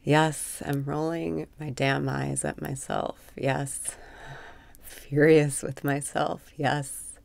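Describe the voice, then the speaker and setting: Woman meditation guide: low gravelly voice, unhurried, breathy cues with candid profane asides. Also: dry recording. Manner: slow, breathy guidance mixing calm cues with frank, profane venting. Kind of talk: guided meditation with spoken affirmations.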